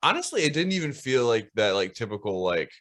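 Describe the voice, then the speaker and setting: A man's voice: mid-range voice, a little fast. A man co-hosting a podcast, chatting casually with lots of fillers and swearing. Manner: relaxed, swears often, many fillers. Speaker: podcast co-host. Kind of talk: casual chat.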